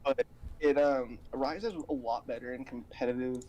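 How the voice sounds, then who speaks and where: A man's voice: mid-range voice, steady tone, normal speed, rough recording. A man co-casting a video game match who keeps his voice down so a roommate can sleep. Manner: talks quietly to avoid waking a roommate. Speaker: esports co-caster. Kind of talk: casual esports commentary.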